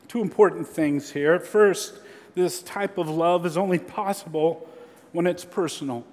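A man preaching a sermon as a pastor, earnest and measured, with slow emphatic pauses. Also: a little high, darkish tone. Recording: long hall reverb.

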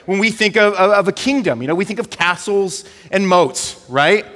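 A male pastor, giving a conversational, animated sermon and leaning on filler words. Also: sits high, moderate pace, in a large hall.

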